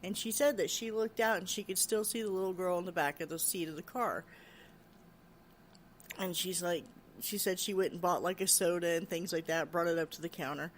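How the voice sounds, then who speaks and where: Podcast host, casual ghost-story retelling, chatty fillers, middling pitch, faint background noise. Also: fairly quick. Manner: chatty storytelling, frequent "she's like" and "you know"; animated when quoting others, raising voice.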